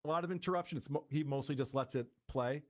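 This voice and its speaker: A man's voice: mid-range voice, quick pace. A male streamer casually explaining and commenting on a show he is watching. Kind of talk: livestream commentary.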